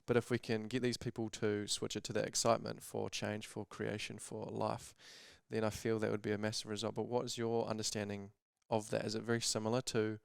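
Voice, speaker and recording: A man's voice: fairly low pitch, monotone, brisk, gravelly, few pauses, clear, resonant tone, no room sound, clean studio sound. A man co-hosting a podcast, earnestly building up to a question, with stuttering restarts. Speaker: podcast co-host. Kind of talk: reflective conversational question.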